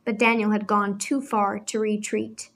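A woman reading a novel aloud in measured, scripted storytelling narration. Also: medium pitch, flat delivery, gravelly, a bit bright. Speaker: audiobook narrator.

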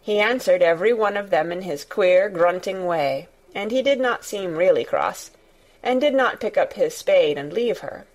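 A woman reading a storybook aloud as narrator, in a measured, even storytelling manner. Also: on the low side, low-quality recording. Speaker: audiobook narrator.

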